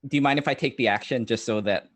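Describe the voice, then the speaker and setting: Excitable man at a game table. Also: mid-range voice, quick pace. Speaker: player. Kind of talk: casual game chat.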